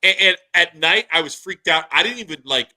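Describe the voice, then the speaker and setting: A man in his thirties hosting a casual podcast, telling a story in an animated way and saying "dude" a lot. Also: high voice, fairly quick, low-quality recording. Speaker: podcast host.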